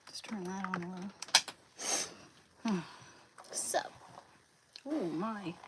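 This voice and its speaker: A woman's voice: medium pitch, takes it slowly. A woman hosting a casual livestream, chatting in a rambling way while cooking and talking to her dogs. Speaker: livestream host. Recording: loud background noise.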